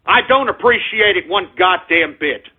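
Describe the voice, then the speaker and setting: An American radio show host with a high, husky voice delivers a loud, crude, mocking talk-radio rant at a moderate pace with lively intonation. He swings from low grumbles to sudden shouting swells, and the audio sounds thin and phone-like, as if coming down a narrow line.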